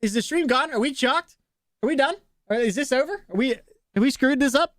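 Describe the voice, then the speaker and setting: A man streaming a game live, talking to his chat in an excitable, flustered, joking way. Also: very high voice, brisk, dry recording, clean studio sound.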